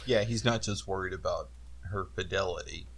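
A man co-hosting a casual film discussion, relaxed and explaining phrases, often laughing. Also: low-pitched, normal speed. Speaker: podcast co-host.

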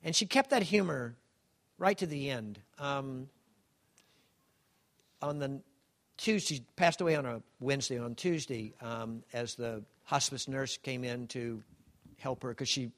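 Older man in his 70s, halting, emotional testimony with a wry humor; mid-pitched. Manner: halting, emotional, many restarts. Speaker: speaker sharing a personal testimony. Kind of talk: heartfelt personal testimony.

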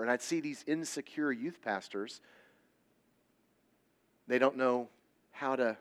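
A man preaching a sermon at youth services, telling personal stories bluntly and with jokes, his volume swinging between loud and hushed. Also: mid-range voice, a little slow, pauses often. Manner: blunt, joking storytelling.

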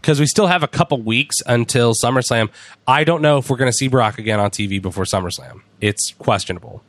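A man chatting casually, retelling events with lively acted-out quotes as a podcast host. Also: medium pitch, fairly quick, no room sound. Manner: animated storyteller, acts out quotes. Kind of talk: casual chat recapping wrestling.

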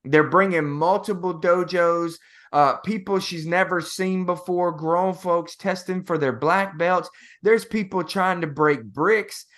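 A man co-hosting a motivational podcast talks slowly and tells a story about his family. His voice sits a little higher than most men's. He speaks casually and keeps calling his co-host "bro".

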